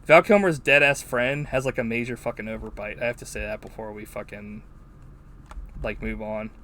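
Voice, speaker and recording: A man hosting a podcast, chatting casually and recounting a movie in a rambling, profane, animated way. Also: medium pitch, normal speed. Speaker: podcast host. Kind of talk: casual movie-review chat.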